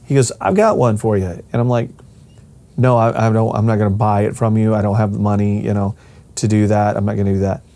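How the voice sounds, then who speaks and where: A man's voice: on the low side, fairly even intonation, fairly quick, creaky, warm tone. A middle-aged man telling a personal family story in a casual way, rambling with restarts and acting out the voices of the people he quotes.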